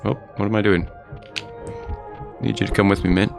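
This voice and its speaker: A man streams a video game, rambling casually and chatting with his viewers while he plays, with video game music running under his voice. His pitch is fairly low and creaky, his delivery flat, his speed normal.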